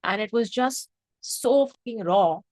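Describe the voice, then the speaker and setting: A young woman reviewing a film in casual, excitable speech, swearing freely and mixing in Hindi phrases. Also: on the high side, a little slow, no room sound. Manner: emphatic, excitable, mixes Hindi phrases into English; swears freely, lots of fillers like 'um' and 'like'.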